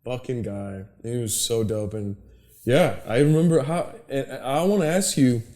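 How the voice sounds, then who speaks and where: A young man hosting a podcast, telling animated stories in casual chat, swearing often and acting out quotes. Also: mid-range voice, measured pace. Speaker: podcast host.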